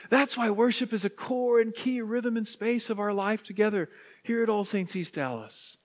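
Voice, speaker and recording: A man, a priest, preaching a sermon with animated swings from hushed to exuberant. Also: high-pitched, normal speed. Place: church sanctuary. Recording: long church reverb.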